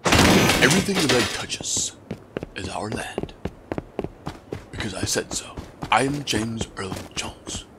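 A man doing a slow, hushed impression of a deep-voiced regal lion king. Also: very animated, very noisy. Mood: mock solemn.

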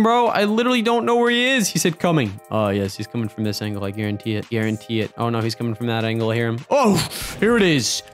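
A young man giving excitable, jokey commentary over his own gameplay. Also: high-pitched. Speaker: gaming YouTuber.

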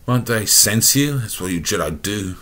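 A man's voice: fairly low pitch, animated, normal speed, fairly bright tone. A man with an Australian accent reading a swaggering, teasing male smuggler in a storybook reading. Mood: cocky. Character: cocky male space smuggler, flirty rogue.

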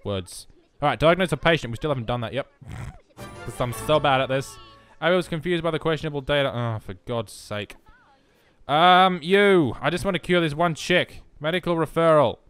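A man's voice: a little high, expressive, fairly quick, fairly bright tone, soft background music. A young man giving casual, self-mocking let's-play commentary, chatting to the game as he plays. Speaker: gaming video host.

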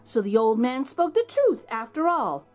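Lively, high-voiced woman reading a story aloud. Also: normal speed. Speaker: children's book reader. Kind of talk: reading a picture book aloud.

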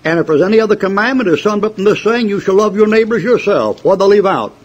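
Combative husky older preacher, lo-fi tape. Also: male voice, high voice, lively intonation, quick pace. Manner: folksy, combative, mocking, tells joke stories and laughs at them. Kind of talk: fiery sermon with jokes. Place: church before a congregation. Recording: dull lo-fi sermon tape.

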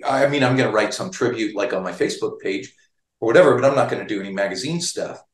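A man's voice: fairly low pitch, lively intonation, quick pace, roomy sound. A man, a guitar magazine writer, telling a long story in an interview, chatty and full of restarts.

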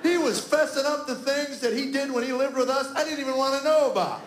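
A man's voice: extremely high pitch, fairly quick, crowd noise, background noise. A man in his fifties doing stand-up comedy, acting out arguments with his family as an exasperated dad. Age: 50s. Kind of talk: stand-up storytelling. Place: stage before a live audience. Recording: roomy live venue sound.

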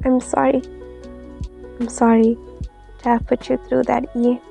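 A woman's voice: fairly high pitch, level tone, a little slow, vocal fry, soft background music. Woman voicing a shaken, injured young hero. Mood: gentle. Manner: soft, trembling delivery. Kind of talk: fanfiction reading.

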